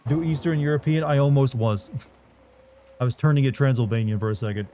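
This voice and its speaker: A man's voice: mid-range voice, fairly quick, mellow, slight background noise. A man streaming a game live, chatting with his viewers in a joking way and trying out silly voices. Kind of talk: live gameplay commentary.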